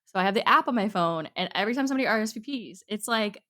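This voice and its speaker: A woman's voice: fairly high pitch, expressive, racing, a bit bright. A young woman talks in a loose, rambling way, dropping "like" and "um" all through her sentences. She is co-hosting a casual podcast chat. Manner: chatty, rambling, full of "like" and "um". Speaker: podcast co-host.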